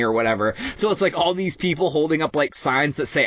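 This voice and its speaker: Podcast host dude rambling and swearing, lively pitch, dull dry lo-fi sound. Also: male voice, quick pace, no echo. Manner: rambling, profane, full of "like" and "dude". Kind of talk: casual chat.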